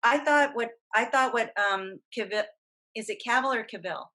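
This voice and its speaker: A woman with a slightly high voice speaks at a moderate pace as a podcast guest. A voice actress, she chats casually and enthusiastically about superhero films in animated fan talk.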